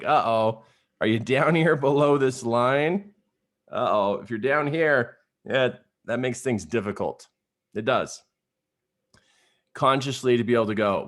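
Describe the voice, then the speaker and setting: Man, middle-aged, lowish voice, motivational coach, energetic, conversational, online training talk. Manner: energetic, conversational, lots of "you know" and "right?".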